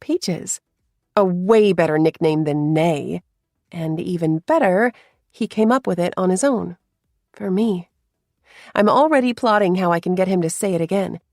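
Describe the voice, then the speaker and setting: A woman narrating a first-person romance story in a soft, confiding way, with hushed asides. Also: lowish voice, moderate pace, no room sound, studio quality.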